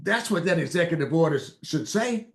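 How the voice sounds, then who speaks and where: A man's voice: fairly high pitch, lively intonation, brisk, vocal fry. A man who is a guest on a radio interview, speaking emphatically with repeated phrases and some stammering. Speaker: guest, farmer advocate.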